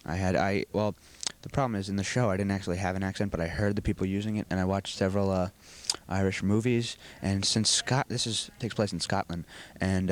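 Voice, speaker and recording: A teenage boy with a fairly low voice answers questions for a school video. He talks earnestly and rambles through long explanations. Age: teens. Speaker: student actor being interviewed.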